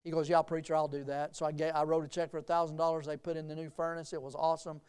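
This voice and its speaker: A middle-aged male pastor preaching a sermon, telling folksy personal stories and rising to emphatic, lively preaching. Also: on the high side, rapid-fire, smooth.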